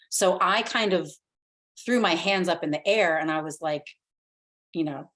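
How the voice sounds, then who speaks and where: Chatty woman with a lowish voice. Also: unhurried, long pauses, a bit bright. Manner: chatty, heavy use of "like", quotes her own thoughts. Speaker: podcast guest. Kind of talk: casual podcast chat.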